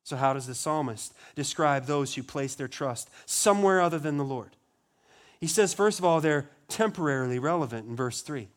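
A man's voice: expressive, moderate pace. Man preaching with rhetorical questions. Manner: rhetorical questions, rising emphasis on key words; drops to a low, quiet voice on solemn lines. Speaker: pastor. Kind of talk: sermon.

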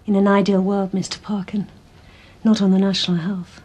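Actress as a husky, sarcastic young woman doctor. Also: mid-range voice, level tone, moderate pace, darkish tone, close to an everyday voice. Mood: professional. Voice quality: dry, sarcastic. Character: dry-witted young woman doctor, a constable's wife.

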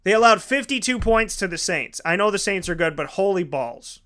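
A man's voice: high voice, expressive, normal speed, pushed and bright. A man hosting a show, giving opinionated football commentary with emphatic, repetitive ranting. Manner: emphatic, ranting, repeats for effect. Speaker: sports show host.

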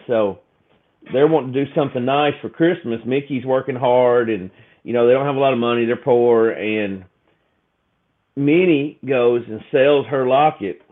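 Guy on a podcast, rambly and emotional, sounds like a tinny phone line. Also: medium pitch. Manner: emotional, rambling with many restarts and fillers. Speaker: podcast co-host. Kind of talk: casual chat.

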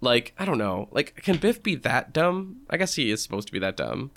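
A man chatting casually on a podcast, animated, filling his speech with "like" and casual swearing. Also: medium pitch, fairly quick. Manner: animated, heavy use of 'like', swears casually. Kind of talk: casual chat.

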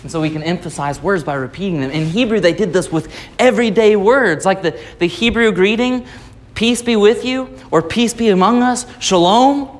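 A man's voice: sits high, normal speed. A man preaching a Sunday sermon, explaining scripture patiently and repeating key phrases for emphasis. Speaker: pastor.

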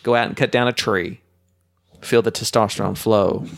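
A man's voice: on the low side, fairly even intonation, moderate pace, vocal fry. A man co-hosting a podcast, chatting casually and rambling through jokes with frequent laughter. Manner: joking, rambling, often laughing. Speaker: podcast co-host. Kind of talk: casual chat.

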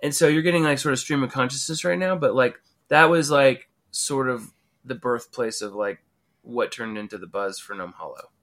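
A man's voice: medium pitch, normal speed, a bit bright. A man, a game designer, telling his story as an interview guest, rambling and filling his speech with "like". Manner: rambling, heavy use of "like".

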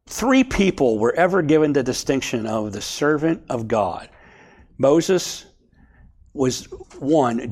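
A man leading a Bible study for a small group, talking casually and checking in with his listeners as he goes. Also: mid-range voice. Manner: conversational, checks in with "okay?".

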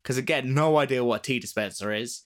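A man hosting a relaxed chat, retelling a spooky tale in a loose, rambling way. He jokes as he goes and laughs at his own asides. His voice sits at an ordinary middle pitch. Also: fast talker. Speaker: podcast host retelling a ghost story. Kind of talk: casual storytelling chat.

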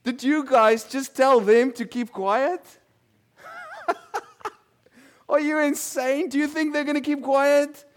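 A man's voice: very high-pitched, fairly even intonation, takes it slowly, pauses often, pitched above the performer's own voice. A male preacher playing God as an amused, all-powerful figure, firing incredulous, mocking questions from heaven.

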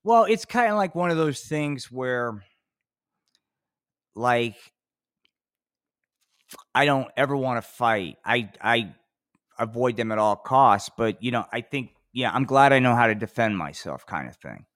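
A man's voice: medium pitch, expressive, a little slow, long pauses, a bit bright, dry recording, studio quality. A man co-hosting a podcast in casual chat, laid-back and drawling, filling his talk with "man" and "you know.". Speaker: podcast co-host.

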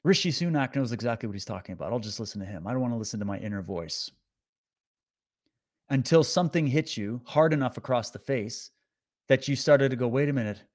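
A man's voice: medium pitch, expressive, fairly quick. A man delivering an impassioned, preachy motivational monologue to his audience, urging and exhorting them. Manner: preachy, exhorting, rising to emphatic peaks. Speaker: online commentator.

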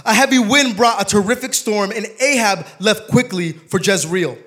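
A young man preaching a sermon, telling stories with humor and turning soft and emotional. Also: high-pitched, normal speed.

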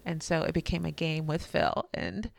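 A woman co-hosting a casual parenting chat, talking in a chatty, animated way and laughing often. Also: low-pitched, normal speed, gravelly, dry recording. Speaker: podcast co-host.

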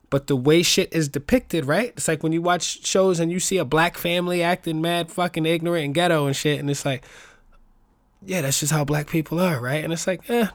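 A man from the Bronx with a New York accent, hosting a casual solo podcast in a rambling, profane, animated way. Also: medium pitch, dry recording. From the Bronx, New York City. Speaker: podcast host.

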